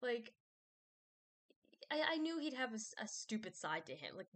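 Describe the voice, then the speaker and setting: A woman's voice: a little high, sing-song, normal speed, fairly bright tone. A woman vlogger rambling casually, with many fillers, restarts and self-doubt.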